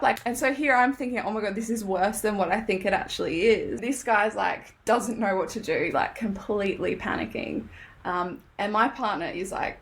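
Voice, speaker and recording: Guesting on a podcast, a young Australian woman relates a story with plenty of laughter, acting out what everyone said in an animated, casual way. Her voice is mid-range and her pace normal.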